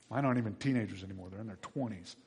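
A middle-aged male pastor preaching a sermon, animated, acting out little voices. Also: lowish voice, slightly rough. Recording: long hall reverb.

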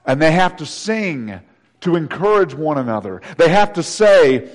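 A man preaching a sermon as pastor, swinging between loud declarations and hushed, intimate passages. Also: a little high, lively intonation, moderate pace, long reverb tail.

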